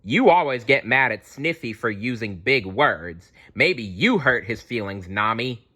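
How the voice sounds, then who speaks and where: A man's voice: mid-range voice, lively intonation, unhurried, sharp tone. A man doing a pompous bumbling detective. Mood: accusing. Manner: grand and self-important.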